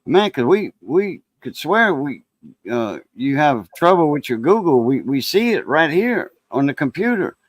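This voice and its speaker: A man's voice: fairly high pitch, sing-song, measured pace, no room sound. A man voicing an insistent male phone scammer who keeps pressing a caller.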